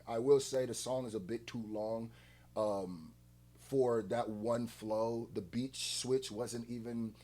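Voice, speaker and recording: A man hosting a music reaction video, ranting hard with heavy profanity. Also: medium pitch. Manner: heated, profane ranting, often loud. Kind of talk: reaction commentary.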